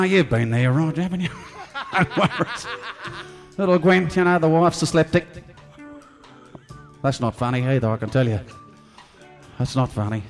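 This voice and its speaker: A man's voice: a little high, close to an everyday voice. A man doing a stage impression of a crude, half-drunk middle-aged Australian bloke who brags and croons a song, with a leering, blokey manner. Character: crude boozy middle-aged Aussie bloke, bragging lounge singer. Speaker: comedy impressionist. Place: live stage venue. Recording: echoey hall with band music.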